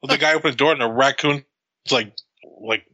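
Man, casual movie-chat co-host, very bright tone, profane and animated storyteller. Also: mid-range voice, brisk, lo-fi sound. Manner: profane, laughing, acts out scenes in quotes.

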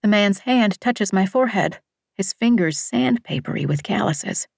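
Hushed, lyrical woman narrator. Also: mid-range voice, animated, normal speed, creaky, no room sound, clean studio sound. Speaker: audiobook narrator. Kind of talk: first-person novel narration.

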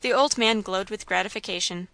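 A woman's voice: mid-range voice, fairly quick, vocal fry, a bit bright, no room sound. A woman reading a novel aloud as scripted narration, lightly shading the characters' dialogue. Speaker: audiobook reader.

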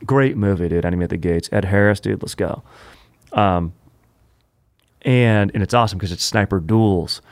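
Male comedy podcast host, lowish voice, animated and punny, dry close sound. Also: moderate pace, long pauses, no echo. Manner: animated, joking, punning. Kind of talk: comedic history storytelling.

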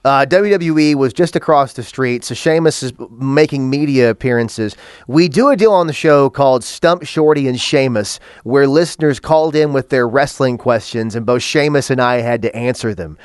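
A man's voice: medium pitch, moderate pace, clear, resonant tone, dry recording, clean studio sound. A man co-hosting a podcast in casual chat, crude and joking, reading out listener comments. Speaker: podcast co-host.

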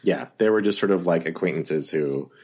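A woman co-hosting a podcast in casual chat, low-key and giving short agreeing murmurs. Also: moderate pace, darkish tone, breathy edge. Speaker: podcast co-host.

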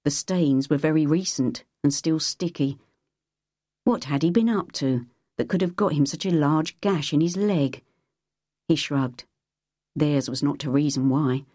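This is a deep-voiced woman reading an audiobook with steady, measured narration. The sound is studio quality, with no echo at all.

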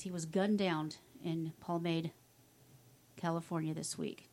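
A woman's voice: low-pitched, fairly even intonation, unhurried, a little mellow. Sarcastic woman reading the news. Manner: sarcastic, wry asides. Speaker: podcast co-host. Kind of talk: casual chat, reading news stories.

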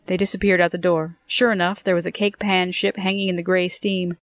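A woman narrating a first-person story in a brisk, wry storytelling manner. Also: on the low side, little pitch movement, dry recording. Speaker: audiobook narrator.

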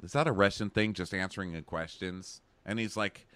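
Sarcastic man, low voice, dry sound. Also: fairly quick, fairly bright tone, dry recording. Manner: sarcastic, mocking, jumps into high voices for quotes. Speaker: podcast co-host. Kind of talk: casual chat recapping a reality show.

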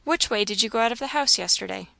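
A woman voicing a sharp-tongued, stern aunt who fires clipped questions. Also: a little high, fast, gravelly, dry recording. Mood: curt.

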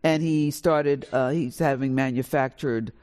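A woman, an author on a panel, telling stories on stage before a live audience, lively and animated, acting out the dialogue with big swings in pitch. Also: measured pace. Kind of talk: animated storytelling.

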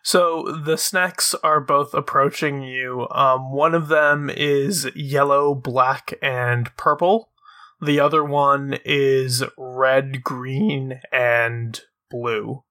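A man narrating a tabletop game as game master, describing the scene slowly with hesitant fillers. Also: medium pitch, steady tone, bright, forceful tone.

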